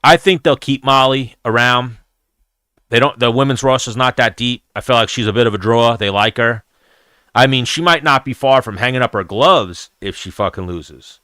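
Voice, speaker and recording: A man's voice: mid-range voice, moderate pace, dry recording, studio quality. A man hosting a podcast, telling casual stories, swearing freely and acting out what others said. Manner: profane, animated storyteller acting out quotes. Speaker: podcast host. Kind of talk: casual storytelling chat.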